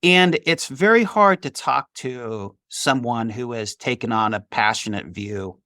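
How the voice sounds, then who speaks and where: A middle-aged litigation attorney recounts a work story during an interview, animatedly acting out the quoted dialogue. His mid-range voice moves unhurriedly, and the studio recording is clean with no room sound.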